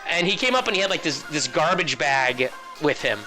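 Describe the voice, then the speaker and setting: A man's voice: on the high side, expressive, a little fast, pushed and bright, faint music behind. A man casting a game tournament, chatting casually and rambling through joking stories. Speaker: esports caster. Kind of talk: casual chat.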